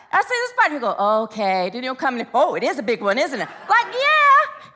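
Bright-voiced woman minister preaching casually. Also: sits high. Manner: chatty, laughing, animated storytelling. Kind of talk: informal sermon with anecdotes.

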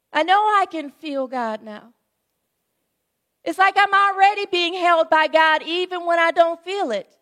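A woman's voice: very high-pitched, fairly bright tone. A middle-aged woman pastor giving a sermon in a conversational, storytelling way, often checking in with her listeners. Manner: conversational storytelling preaching, frequent "right?" asides.

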